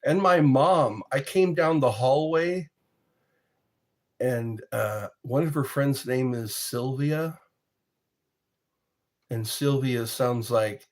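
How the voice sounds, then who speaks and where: A man spins casual, rambling anecdotes for his vlog at an unhurried pace. He chuckles often and breaks off to restart his sentences. His voice sits in a middle pitch. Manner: rambling, chuckling, self-interrupting. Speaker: vlogger. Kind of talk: casual storytelling monologue.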